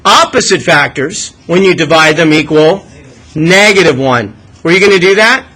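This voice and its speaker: Speaking at normal speed with lively intonation, a male math teacher steers his class through a lesson, prompting questions and asking students to talk through their reasoning. His voice is bright and high for a man, and the recording quality is low.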